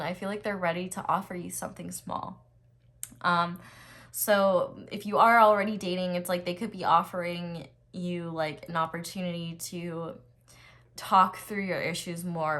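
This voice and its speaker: Young female tarot reader, low-ish voice, chatty and loose with fillers, sudden excited lifts. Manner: chatty, filler-heavy, excited bursts over cards. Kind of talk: casual tarot reading to camera.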